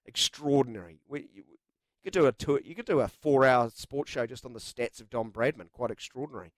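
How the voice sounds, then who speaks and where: A man's voice: medium pitch, a little fast, no echo. A man hosting live sports talkback radio in a studio, chatty and jokey with lots of filler words. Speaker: radio sports show host. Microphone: studio microphone.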